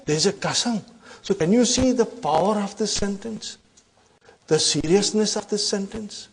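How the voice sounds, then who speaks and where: A man teaching Arabic grammar in a classroom lecture, emphatic, often checking in with the class and reciting verses quickly. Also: sits high, breathy edge. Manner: emphatic, keeps asking "huh?" to check the class.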